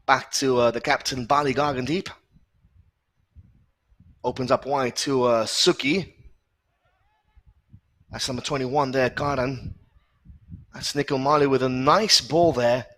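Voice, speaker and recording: Male football commentator, mid-pitched, brisk play-by-play with filler pauses, live stream. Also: steady tone, a bit bright.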